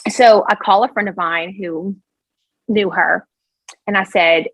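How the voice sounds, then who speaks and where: A woman from Louisiana with a Cajun accent, a podcast guest telling a story in an animated, rambling way. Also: medium pitch, measured pace, long pauses, slightly rough, no room sound, highs cut off. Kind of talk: casual storytelling chat.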